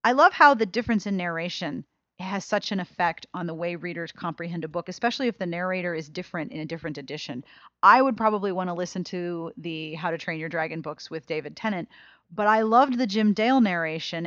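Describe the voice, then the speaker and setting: A woman's voice: fairly low pitch, a bit bright, no echo, muffled recording. A woman hosting a podcast in a casual, gushing and enthusiastic way, reading out listener emails between her own chat. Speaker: podcast host.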